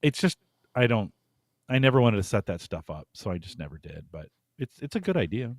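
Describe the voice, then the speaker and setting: A man co-hosting a podcast, laid-back and halting, often trailing off. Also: lowish voice, very animated, a little mellow, dry recording, clean studio sound. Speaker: podcast co-host. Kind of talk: casual live chat.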